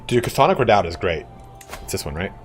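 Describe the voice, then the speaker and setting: A deep-voiced man talking through a strategy game on a stream. He is relaxed and chatty, says "dude" often, and soft music runs quietly underneath. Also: brisk. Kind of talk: casual gaming commentary.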